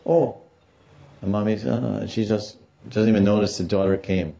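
Male religious teacher lecturing, low and mellow, on a slightly lo-fi recording. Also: little pitch movement, fairly quick, vocal fry. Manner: storytelling, explaining Sanskrit terms, acts out quotes. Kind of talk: devotional scripture lecture.

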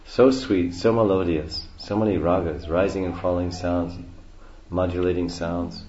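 Low-voiced man giving a devotional lecture. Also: fairly even intonation, a little slow, darkish tone, slight background noise. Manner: explanatory, repeats key phrases. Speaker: spiritual teacher. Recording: roomy, dull lo-fi recording.

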